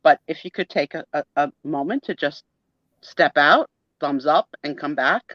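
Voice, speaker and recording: A woman co-hosting a live photo sale, chatting warmly and telling a story with laughs. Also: low voice, moderate pace, no echo. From Italian-American family. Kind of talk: casual livestream chat. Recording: dull dry sound of a video call.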